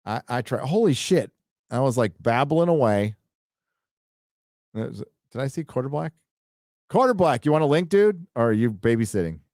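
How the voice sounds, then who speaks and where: A middle-aged man hosting a casual late-night livestream, rambling, swearing and excitedly reading viewer donations aloud. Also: mid-range voice, normal speed, pauses often, dry recording, studio quality. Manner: rambling, profane, excitable, reads donor messages aloud. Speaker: livestream host reading super chats.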